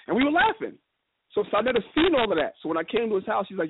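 A man speaking as a guest in a casual radio discussion, telling stories with quick, animated quoted dialogue. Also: high-pitched. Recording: noisy phone line.

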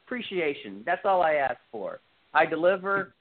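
This podcast host's voice is a little high and sing-song at a moderate pace. He enthusiastically recounts a film scene in a loose, rambling style packed with fillers, over tinny, phone-like audio.

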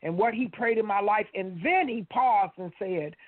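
A woman with a mid-range voice, speaking at a normal speed, is a guest on a radio talk show sharing a casual faith testimony. She earnestly tells a personal story and talks straight to the listeners, calling them "you guys." The line sounds tinny and phone-like, with no room sound.

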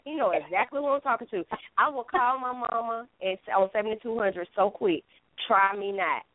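A woman's voice: fairly high pitch, a little fast, dry recording. A woman co-hosting a talk show, playful and emphatic as she jokes with the others. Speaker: co-host. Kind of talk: casual joking banter. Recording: tinny phone-quality line.

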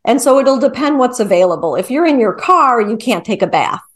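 A woman's voice: a little high, a little fast. A woman guest, a mindfulness teacher, talking through her method in a casual, upbeat interview conversation. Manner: upbeat, animated explaining.

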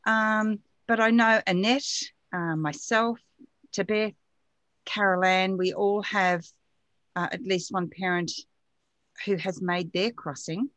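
A woman hosting a live-streamed online radio show who warmly welcomes viewers by name, with hesitant fillers. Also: mid-range voice, fairly even intonation, slow pace, no echo.

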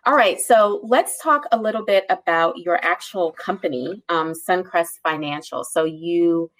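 A woman's voice: on the low side, unhurried, fairly bright tone. Chatty woman interview host. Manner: engaged, reactive, chatty. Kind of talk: casual interview chat.

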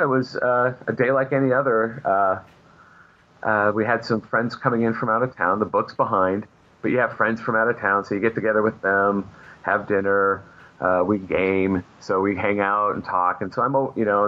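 A man, a comic book artist, telling long anecdotes in a casual interview, with lots of fillers and restarts. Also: lowish voice. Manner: rambling anecdotes with many fillers. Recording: muffled lo-fi audio.

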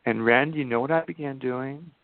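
An older man telling his story as a podcast guest, slowing down to stress key points. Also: mid-range voice, dry recording. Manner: emphatic, slows down for key points. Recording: tinny phone-line sound.

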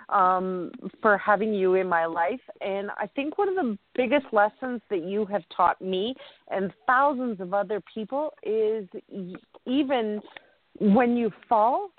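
A woman joining a radio show as a guest, talking in a gushing, effusive way in a casual chat. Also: medium pitch. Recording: tinny phone line.

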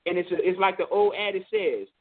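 Over a tinny phone line, a male co-host of a call-in show talks fairly quickly in a high register. He's emphatic and repetitive, leaning on "you know what I'm saying" as he goes.

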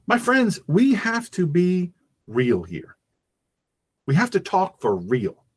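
A man's voice: high voice, wildly swooping pitch, slow pace, slightly rough. A man hosting a fiery political talk radio show, preaching in an impassioned way and acting out little scenes.

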